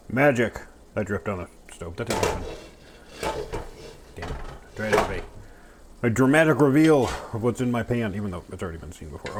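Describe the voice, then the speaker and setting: With a deep voice against a noisy background, a home cook casually shows how to make a recipe, chatting and joking to himself. Pans and utensils clatter behind him in the kitchen.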